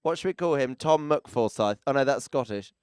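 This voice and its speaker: Male arena announcer, playful and chatty, smooth higher voice, dry close mic. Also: expressive, moderate pace, a little mellow, no echo. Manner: chatty, teasing, jokey asides to people around the arena. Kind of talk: live event commentary.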